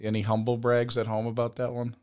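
A man's voice: medium pitch, monotone, fairly quick, a little mellow, clean tone. A man co-hosting a podcast in casual chat, easygoing and self-mocking as he tells stories. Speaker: podcast co-host.

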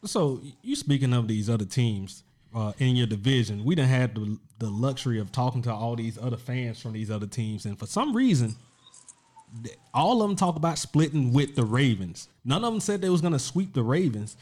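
A man's voice: medium pitch, expressive, moderate pace, darkish tone. A man co-hosting a casual sports podcast, joking and asking questions. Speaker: podcast co-host.

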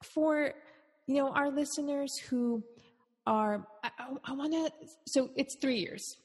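A woman's voice: high-pitched, measured pace. A woman hosting a podcast interview, asking long rambling questions with restarts. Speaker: podcast host. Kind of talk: conversational interview. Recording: long room reverb.

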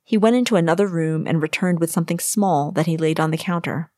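A woman reading her own story aloud in an expressive storybook narration. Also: low-pitched, fast talker, no room sound, studio quality. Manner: expressive, varies voices for characters.

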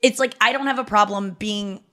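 A woman with a mid-pitched voice tells a story in a loose, conversational way, scattering "like" through her sentences. She sounds animated and wry, poking fun at herself as she goes. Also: moderate pace. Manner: chatty, with frequent "like" fillers; animated, wry and self-mocking. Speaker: podcast host. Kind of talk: casual comedic storytelling.

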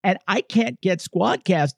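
A man hosting a podcast in casual chat, theatrical and excitable, laughing easily. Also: high-pitched, unhurried, gravelly, breathy edge, dry recording, studio quality. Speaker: podcast host. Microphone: podcast microphone.

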